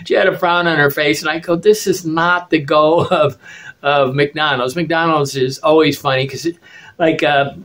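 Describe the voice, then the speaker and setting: A man's voice: fairly high pitch, fairly even intonation, moderate pace, fairly bright tone. A man from the United States talking in a casual monologue as a travel vlogger. He is opinionated and rambling, restarts often and keeps checking in with "okay?".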